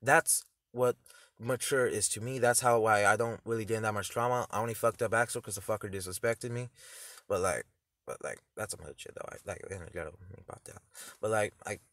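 A teenage boy making a loud, profane reaction video, laughing often as he talks. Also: on the low side, fairly quick, no room sound. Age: teens. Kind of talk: reaction commentary.

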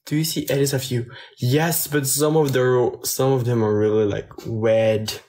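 A man's voice: medium pitch, fairly even intonation, unhurried, mellow. A young man chatting casually on a phone livestream from his kitchen, reading viewers' questions aloud and answering them. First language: Dutch. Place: home kitchen.

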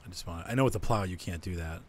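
A man's voice: low-pitched, very fast, slight background noise. A man hosting a co-op farming game, casually explaining his plans as he plays. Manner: explains plans while playing. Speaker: let's-play host. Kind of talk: casual gameplay chat.

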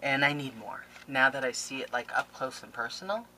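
Gushing, excitable woman with a low voice. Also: brisk, slight background noise, rough recording. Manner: gushing, excitable, breaks into laughs and whispers. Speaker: scrapbooking vlogger. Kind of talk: casual chat opening mail on camera.

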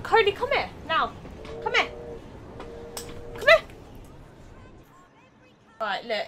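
A woman commentating a live gaming stream, swearing and yelling excitedly at the game. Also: very high-pitched, takes it slowly, pauses often, a little hiss or hum. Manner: foul-mouthed, excitable, yells at the game. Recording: game music clearly behind.

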